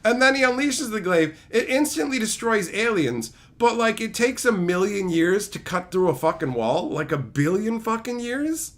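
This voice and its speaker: A man with a notably high voice hosts a casual livestream. He answers viewer chat and tears into old movies with animated, profanity-laden rants. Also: normal speed, few pauses. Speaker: streamer.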